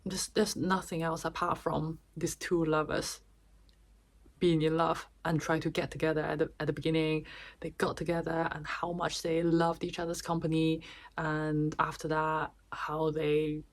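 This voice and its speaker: A woman's voice: deep voice, flat delivery, normal speed. A woman vlogger giving a chatty, casual summary of a book, with restarts and small laughs.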